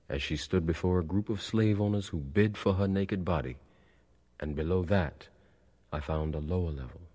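A man giving a measured, reflective audiobook narration of a literary story. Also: extremely low pitch, mellow, dry recording.

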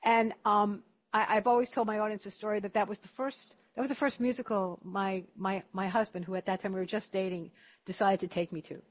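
A woman's voice: medium pitch, fairly even intonation, fairly quick. A woman hosting an interview, speaking earnestly and emotionally, often restarting her phrases. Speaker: host. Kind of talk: conversational interview.

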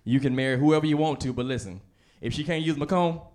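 A man voicing a sharp-tongued churchgoing older mother who scolds loudly and preachily. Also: fairly high pitch, fast talker, lightly acted. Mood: coaxing. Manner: loud, threatening, preachy scolding.

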